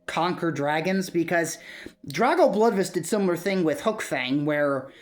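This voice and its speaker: A woman talking casually in a vlog, rambling with many fillers and soft chuckles. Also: on the low side, expressive, moderate pace. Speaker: video creator.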